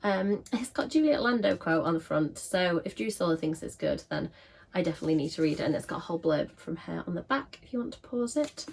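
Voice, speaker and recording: A woman's voice: fairly low pitch, animated, a little fast, creaky, a little mellow, slightly rough. A woman with a scratchy voice, chatting casually to camera as a book vlogger with frequent filler ums.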